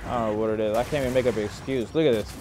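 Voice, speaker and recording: A man's voice: mid-range voice, rapid-fire, noisy background. Young man muttering frustrated gameplay commentary. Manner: frustrated, self-deprecating, swears and mutters at teammates; mumbled, trailing asides with bursts of shouting. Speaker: gaming YouTuber.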